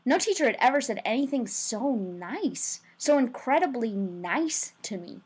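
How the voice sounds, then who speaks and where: A woman reading a novel aloud in plain, steady first-person narration. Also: a little high, measured pace, slightly rough. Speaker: reader.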